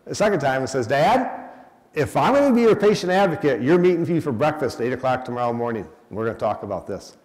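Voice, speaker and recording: An older man giving a public talk as guest speaker, animated, acting out the people he quotes. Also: mid-range voice, fast, big-room sound. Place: event hall.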